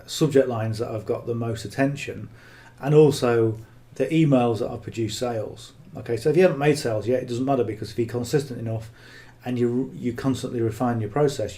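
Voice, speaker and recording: Man, marketing coach, casual unscripted talk, blunt, earnest, mellow dark tone, keeps saying okay. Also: mid-range voice.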